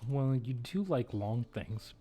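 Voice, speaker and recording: A man's voice: mid-range voice, animated, slow pace, warm tone, slight background noise. A man chatting casually on a live game stream, joking crudely and laughing often.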